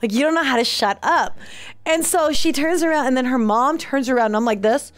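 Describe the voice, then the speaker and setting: A woman's voice: high-pitched, brisk, dry recording. A woman, co-hosting and telling a long story with lots of laughter and acted-out voices. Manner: acts out voices, frequent laughter. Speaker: co-host. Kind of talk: animated storytelling.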